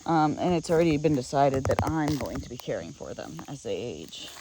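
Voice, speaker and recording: An adult vlogger rambles through a frustrated vent while walking a woodland trail outdoors, speaking at an ordinary mid pitch. The talk is loose and halting, full of fillers and restarts. Faint insects and crickets hum quietly in the background. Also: big pitch swings. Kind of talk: casual venting vlog while walking.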